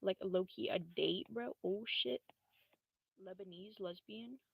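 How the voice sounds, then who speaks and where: Young woman streamer with a gravelly voice. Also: mid-range voice, takes it slowly, no room sound, narrow, tinny audio. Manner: slangy, rambling, profane, lots of fillers. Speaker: livestreamer. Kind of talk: casual rambling storytelling. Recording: loud steady hiss.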